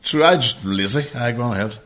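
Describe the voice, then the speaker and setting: A man's voice: medium pitch, fast. Swearing man telling a story. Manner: swearing, laughing, animated anecdote. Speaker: podcast co-host. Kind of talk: casual storytelling chat.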